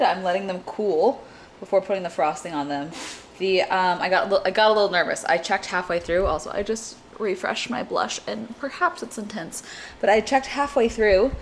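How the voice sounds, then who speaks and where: A woman's voice: mid-range voice, a little hiss or hum. A young woman vlogger chatting casually and upbeat while baking in her home kitchen. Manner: chatty, upbeat, self-deprecating.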